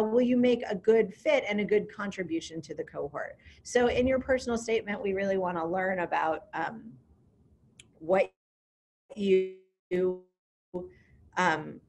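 A woman directing a program, speaking in a casual, upbeat way with frequent ums during an online information session. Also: medium pitch.

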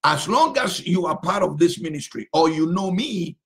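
A man's voice: a little high, animated, moderate pace, creaky, a bit bright. A male pastor preaching a sermon, drawing out phrases and repeating them for emphasis.

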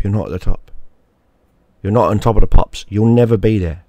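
A man's voice: fairly low pitch, brisk, vocal fry, pauses often, warm tone, no room sound, clean studio sound. A man giving a crude, mocking rant straight to the camera, often repeating himself for emphasis. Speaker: YouTube gaming creator. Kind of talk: profane ranting monologue.

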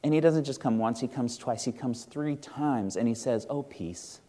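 A man's voice: medium pitch, moderate pace, warm tone. A male pastor preaching a sermon in a church, earnest and conversational, asking the congregation questions. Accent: Midwestern American. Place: church sanctuary.

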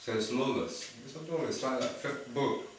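A man's voice: mid-range voice, brisk. Swearing, ranting man. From England. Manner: profane, ranting. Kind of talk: monologue to camera. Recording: echoey room, far from mic, noisy.

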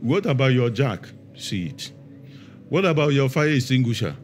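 A man's voice: mid-range voice, big pitch swings, faint music behind. A middle-aged man, a pastor preaching a sermon and telling stories, stressing words and drawing them out. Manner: storytelling, emphatic with drawn-out words.

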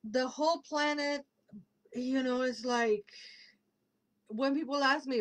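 A woman hosting a casual livestream, chatting warmly and reading out viewer comments as they come in. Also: high-pitched, takes it slowly, long pauses, rough recording. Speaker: livestream host and tarot reader.

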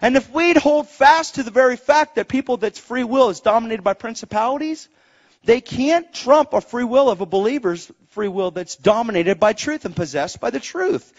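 A man preaching a sermon to a crowd, animated and excitable, swinging between hushed and loud delivery. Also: very high-pitched, moderate pace. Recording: dull lo-fi sound.

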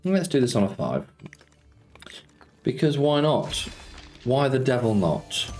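A chatty man hosts a live slots stream, calling out viewers' names and bantering about football. His voice sits at an ordinary, mid-range pitch for a man. Soft music plays faintly underneath. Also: big pitch swings, slow, long pauses. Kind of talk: casual live-stream chat.

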